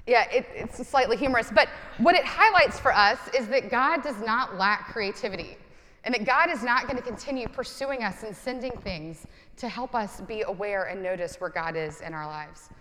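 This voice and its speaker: A woman's voice: a little high, normal speed, a bit bright. Woman preaching in a reverberant hall. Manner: conversational, self-deprecating humor. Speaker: pastor. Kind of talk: sermon.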